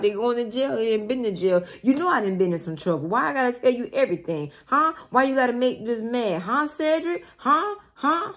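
A woman giving a tarot reading who acts out the other person's side in a dramatic, slangy, animated way, with shrieks of excitement. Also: on the high side. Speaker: tarot reader. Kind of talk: tarot reading acting out the querent's partner.

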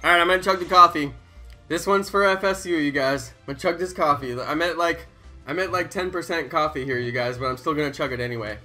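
Bright, hyped-up streamer in his thirties. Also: a little high, fast talker, faint music behind. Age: 30s. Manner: excitable, hyped, chanting. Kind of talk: casual live-stream chat.

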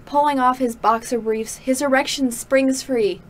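A woman's voice: sits high, steady tone, moderate pace. Teasing young woman, faint room noise. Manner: teasing, wry. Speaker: co-host. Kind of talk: casual chat.

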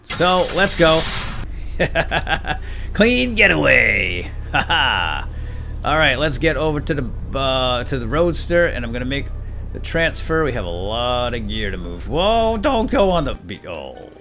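Male let's-play host, playful self-talk commentary, very lively pitch, light music bed. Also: slow, vocal fry. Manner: goofy, talks to himself and his vehicle, sudden excited yelps.

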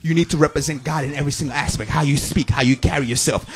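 A man's voice: fairly high pitch, fast talker, a bit bright, faint music behind. A middle-aged male pastor from Haiti preaching a sermon at a church service, emphatic and repetitive, breaking into sung phrases and call-and-response.

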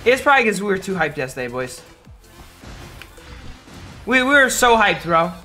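A hoarse man streaming a game, giving hyped, trash-talking live commentary to his chat. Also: high-pitched, big pitch swings, normal speed, sharp tone, soft background music.

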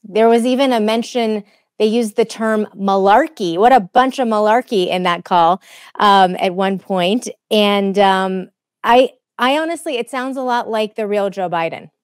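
A woman hosts a tech podcast, friendly and quick to laugh, sometimes restarting a sentence mid-thought. Her voice sits at a middle height and sounds dry and close on a studio mic. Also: mid-range voice, dry recording. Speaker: host. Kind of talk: conversational tech podcast hosting. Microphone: studio microphone.

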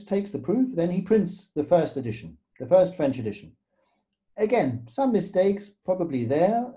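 A guest pianist with a slightly high, warm voice explains something conversationally, telling it like a story and leaning on fillers and tag questions.

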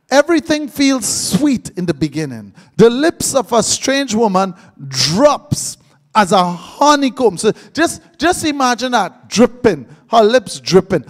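High-voiced preacher. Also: male voice. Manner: lively, joking, quizzing the congregation. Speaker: pastor. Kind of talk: live sermon.

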